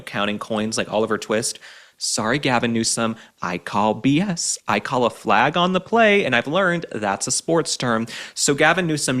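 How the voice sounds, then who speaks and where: A man's voice: medium pitch, fairly bright tone. A young adult man hosting an opinion commentary show, sarcastic, mocking and emphatic. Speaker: show host.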